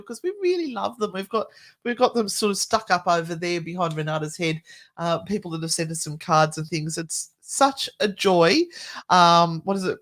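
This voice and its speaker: Chatty, cheeky woman. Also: lowish voice. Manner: chatty and jokey, cheeky swearing. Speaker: paranormal livestream co-host. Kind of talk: casual live-stream chat.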